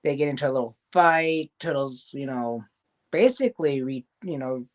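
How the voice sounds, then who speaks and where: A man's voice: mid-range voice, lively intonation, moderate pace. A man hosting a casual show, recapping a cartoon episode in a loose, rambling way. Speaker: show host reviewing a cartoon series. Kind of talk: casual review chat.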